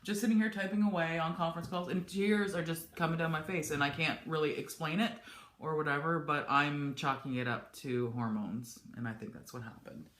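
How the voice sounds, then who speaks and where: A woman's voice: low-pitched, steady tone, brisk, a bit bright. Chatty woman vlogging in an echoey room. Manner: candid, rambling, frequent restarts. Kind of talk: casual chat to camera. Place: home office.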